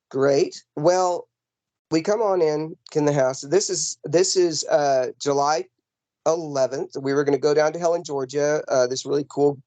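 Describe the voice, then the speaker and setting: A man telling a ghost story from his home over a video call, rambling and animated with lots of fillers and restarts. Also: a little high, no echo. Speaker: paranormal investigator guest. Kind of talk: casual storytelling in an interview. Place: home in the mountains.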